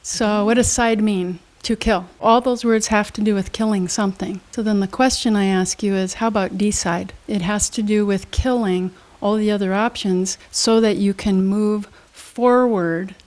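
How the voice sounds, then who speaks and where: A woman's voice: mid-range voice, moderate pace, few pauses. A middle-aged woman, a motivational speaker and trainer, explaining her methods as an interview guest with lots of examples and questions. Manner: energetic, teaching with examples and questions.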